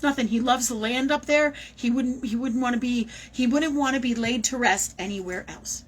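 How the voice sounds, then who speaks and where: A woman with a somewhat high, husky voice talks at normal speed as a psychic medium during a live-streamed reading. Her manner is casual and animated, with occasional swearing, and the audio quality is poor.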